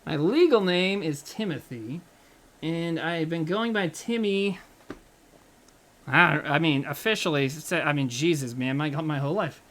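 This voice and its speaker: A man's voice: a little high, animated, unhurried, fairly bright tone. A man, a comedian, chatting casually and swearing freely while he cooks on a livestream. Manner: rambling, profane and joking. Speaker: comedian streamer.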